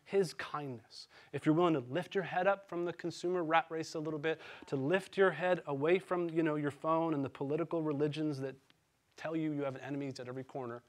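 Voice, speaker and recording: A male pastor in his thirties preaching in a relaxed, storytelling way, self-deprecating and often checking that his listeners follow along. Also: on the high side, a little fast. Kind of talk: conversational storytelling sermon.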